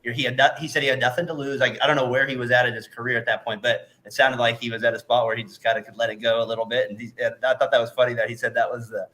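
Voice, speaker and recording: A man hosting a casual sports interview, quick and eager, reacting with frequent laughter. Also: mid-range voice, level tone, sharp tone. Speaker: interview host.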